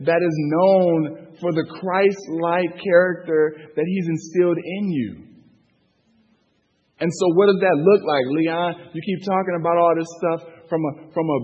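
Husky man teaching a church group. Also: fairly high pitch. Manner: loose, filler-heavy talk, asks the room for answers. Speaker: Bible study teacher. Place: hall with a group. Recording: dull echoey hall recording.

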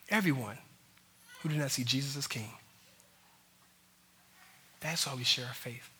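A man preaching a sermon as a pastor, swinging from hushed intensity to loud, fervent delivery. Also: on the high side, husky.

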